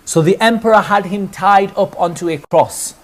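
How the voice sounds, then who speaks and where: An Islamic preacher with a voice that sits high tells a religious story at a moderate pace. His narration is earnest, and he poses rhetorical questions to his listeners.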